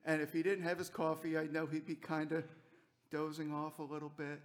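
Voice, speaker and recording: A middle-aged man speaks at a church memorial, his voice sitting high. He rambles gently through fond anecdotes, breaking into laughs as he goes. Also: completely flat delivery, brisk. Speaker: church member giving a eulogy.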